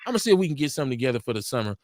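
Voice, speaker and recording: Animated, laughing male talk show host. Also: mid-range voice, rapid-fire, very noisy. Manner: animated, laughing storyteller acting out quotes. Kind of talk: casual radio talk show banter. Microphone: studio mic for a live stream.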